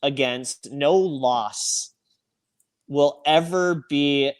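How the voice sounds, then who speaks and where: Man, podcast guest, earnest, reflective, halting restarts, mid pitch. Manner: earnest, speaks of grief with restarts. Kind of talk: reflective conversation.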